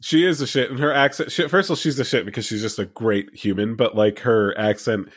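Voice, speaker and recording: A man's voice: medium pitch, steady tone, brisk. A man joking around in a casual podcast chat, often laughing as he talks. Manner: laughs while talking, joking.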